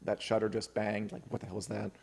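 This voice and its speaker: A man with a gravelly, creaky voice chats casually as a podcast co-host. He reads book passages aloud and laughs often as he talks. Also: lowish voice, level tone, fast, a little mellow.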